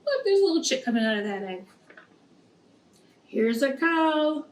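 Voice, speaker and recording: High-voiced woman reading to preschoolers. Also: very animated, moderate pace, pauses often. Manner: gentle, explains words to kids. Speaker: preschool teacher. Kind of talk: reading a picture book aloud to young children. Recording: echoey room, distant mic, faint noise.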